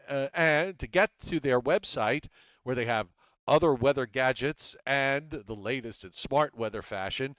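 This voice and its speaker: A man hosting a live weather show, talking in a relaxed way with many fillers. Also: medium pitch, moderate pace, dry recording, muffled recording. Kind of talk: live weather broadcast chat.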